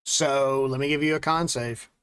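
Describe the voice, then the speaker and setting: A game master running an online tabletop game over a voice chat mic, with a quick, joking, loose way of narrating. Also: medium pitch, fairly even intonation, fairly bright tone, clean tone.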